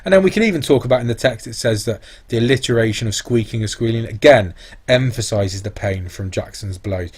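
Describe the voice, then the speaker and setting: A man's voice: medium pitch, fairly quick, husky. A man teaching a revision lesson on exam answers, explaining step by step and thinking aloud. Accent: British English. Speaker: English teacher.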